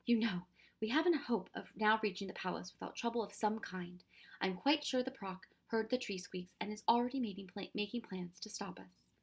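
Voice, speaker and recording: A woman's voice: mid-range voice, fairly quick, gravelly, husky. A woman voicing a kindly, fussy older male professor in a storybook reading, with old-fashioned exclamations. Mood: weary.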